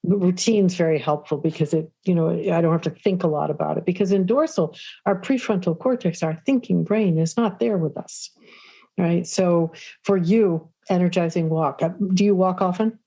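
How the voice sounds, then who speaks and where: A woman guest on a podcast interview, explaining calmly and often checking in with "right?". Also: on the low side, normal speed. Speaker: guest expert on the nervous system.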